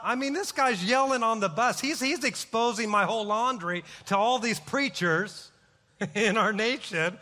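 A middle-aged man, a pastor, preaching a sermon with impassioned, rising shouts. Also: sits high, expressive, unhurried. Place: church sanctuary. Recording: long hall reverb.

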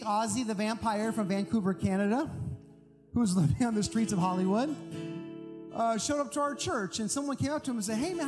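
Male pastor, emphatic storytelling sermon, high voice, long hall reverb, guitar music behind. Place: large church hall.

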